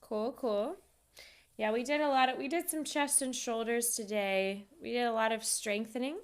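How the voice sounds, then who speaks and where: A woman's voice: a little high, moderate pace, clear, resonant tone. A young adult woman, a yoga instructor, chatting casually with viewers on a live stream and answering their questions.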